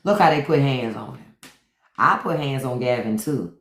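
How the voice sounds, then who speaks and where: A woman with an extremely low but somewhat bright voice speaks animatedly at a moderate pace while hosting a phone livestream indoors. Her commentary is sassy and playfully comedic, with lines repeated for effect, and the room has a roomy echo.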